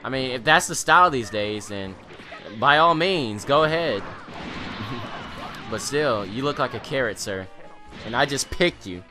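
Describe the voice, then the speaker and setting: A teenage boy hosting gameplay commentary, excitable, rambling and self-mocking. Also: medium pitch, unhurried, pauses often, soft background music. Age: teens. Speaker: gaming channel host.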